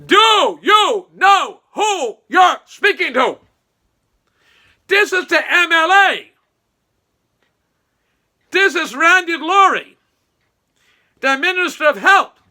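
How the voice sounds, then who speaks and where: A man's voice: very high-pitched, big pitch swings, moderate pace, vocal fry, bright, forceful tone, pitched above the performer's own voice, exaggerated voice. A man voicing a pompous, indignant male politician who insists on his own importance and repeats his title.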